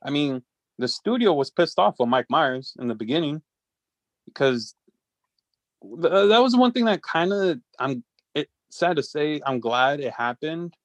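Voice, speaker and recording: A man's voice: on the high side, big pitch swings, unhurried, dry recording. A man co-hosting a podcast, talking in hesitant casual chat that is full of fillers. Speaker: podcast co-host.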